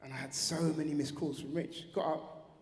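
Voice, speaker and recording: A man's voice: on the high side, little pitch movement, moderate pace. A man giving a heartfelt, slangy tribute speech on stage at an awards ceremony. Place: large awards venue hall. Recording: reverberant hall.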